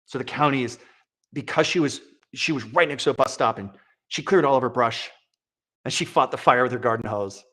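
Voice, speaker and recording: A man's voice: medium pitch, fairly quick, pushed and bright. A man giving sarcastic, exasperated political commentary, mocking what he reads aloud. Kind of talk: opinion commentary.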